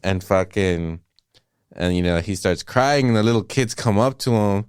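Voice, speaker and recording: A man with a deep, smooth voice recaps a film for a podcast in a loose, profane way. He jumps into acted-out quotes as he goes. The recording is dry and close. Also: normal speed, a little mellow, no echo. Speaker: podcast co-host. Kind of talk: casual movie-review chat.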